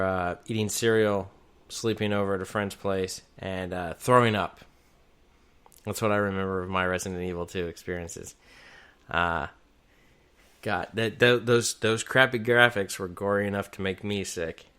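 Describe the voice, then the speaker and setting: Casual podcast co-host, male, low and smooth, rambly delivery. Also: a bit bright. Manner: rambling, many restarts and fillers. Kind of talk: casual gaming chat.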